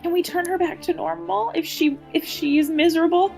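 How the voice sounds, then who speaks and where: A woman's voice: extremely high pitch, steady tone, brisk, creaky, darkish tone, faint music behind. A woman playing a tabletop game in character, talking in a flustered, fretting way. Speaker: player.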